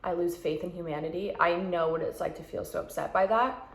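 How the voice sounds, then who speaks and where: A woman's voice: fairly low pitch, brisk. A young woman vlogger giving frank, chatty advice and acting out quoted thoughts. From Canada. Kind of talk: casual advice chat. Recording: roomy echo.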